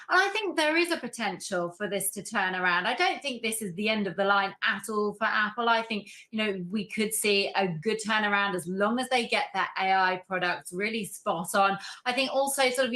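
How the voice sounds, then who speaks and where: A woman with a British accent, a market analyst answering questions on a news broadcast. She speaks in a measured way and often says "I think". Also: mid-range voice, a bit bright. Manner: measured, frequent "I think" hedging. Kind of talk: news interview commentary.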